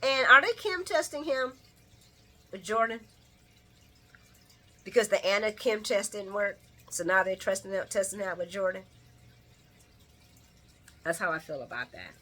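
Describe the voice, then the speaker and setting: Woman vlogger, bright tone, fired-up casual recap, speaks straight to camera and calls viewers y'all. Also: mid-range voice, unhurried, long pauses. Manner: heated, animated, profane, addresses viewers as y'all. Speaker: soap opera recap vlogger. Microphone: camera mic.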